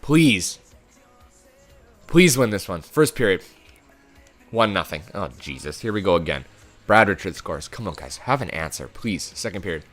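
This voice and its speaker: Bright-voiced, foul-mouthed young gaming commentator. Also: male voice, sits low, big pitch swings, moderate pace, pauses often, soft background music. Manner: swears often, swings from muttering to angry yelling. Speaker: gaming YouTuber. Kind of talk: game commentary.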